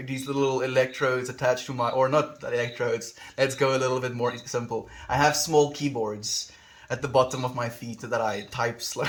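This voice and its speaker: A young man streams live, casually chatting with viewers and reading their comments, easygoing and affectionate, and laughing often. His mid-range voice has a fairly bright tone.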